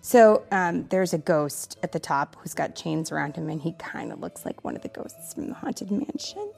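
A woman reading a picture book aloud to her child, animated and stopping to ask questions. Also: deep voice, normal speed, vocal fry, faint music behind.

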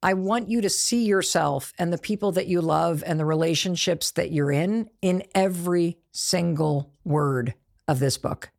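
A middle-aged woman, an author, announcing her new book straight to her audience, emotional and emphatic, with excited sighs and repeated phrases. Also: on the low side, unhurried, creaky. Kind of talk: emotional direct-to-camera announcement.

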